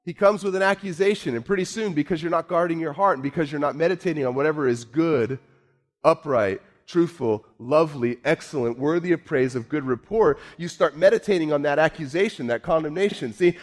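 A man preaching a sermon, moving from low, quiet musing to raised, emphatic points, slowing down and repeating words for emphasis. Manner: repeats himself, speaks slowly for emphasis. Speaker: pastor.

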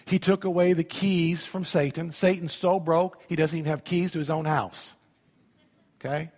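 A pastor preaching a sermon, emphatic, with sudden drops to a quiet voice. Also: male voice, on the high side, fairly even intonation, moderate pace, in a large hall.

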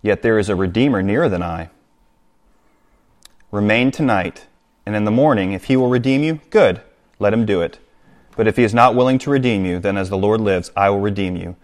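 This pastor talks fairly quickly, his voice fairly low in pitch. During his sermon he reads scripture aloud and explains it, appealing directly to the congregation.

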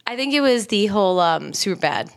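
A woman co-hosting a podcast in easy, casual chat. She talks in loose, rambling runs, laughs often and swears freely. Her voice sits at an ordinary middle pitch. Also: sing-song, a little fast, creaky. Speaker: podcast co-host.

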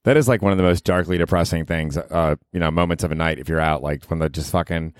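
Low-voiced, profane comedian host. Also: male voice, quick pace, few pauses, clean tone, no room sound, clean studio sound. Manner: loose, profane, rambling storytelling. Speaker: podcast host. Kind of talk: casual solo podcast chat. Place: small apartment.

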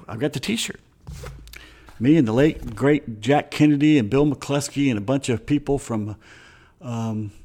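A man's voice: mid-range voice, darkish tone. A middle-aged man hosting a casual sports talk show, reading baseball history and drifting into rambling stories with chuckles. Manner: rambling, anecdotal, chuckles often. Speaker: sports radio host.

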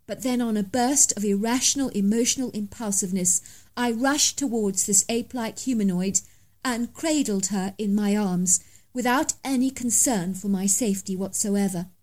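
A woman's voice: mid-range voice, moderate pace, a little mellow. A woman reading a first-person story aloud as scripted narration, in a dramatic, emphatic manner.

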